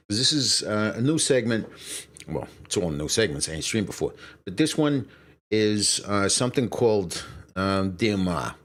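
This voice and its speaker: A man hosting a casual live stream, rambling, swearing and apologizing as he loses his train of thought. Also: fairly low pitch. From Brooklyn, New York. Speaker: streamer host.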